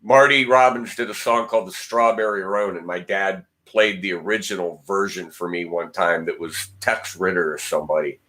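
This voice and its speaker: A low, bright-voiced man chatting on a livestream. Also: fairly even intonation, moderate pace, few pauses. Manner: rambling, chatty, talks back to viewer comments; joking and blunt. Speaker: guitar channel host. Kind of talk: casual livestream chat with viewers.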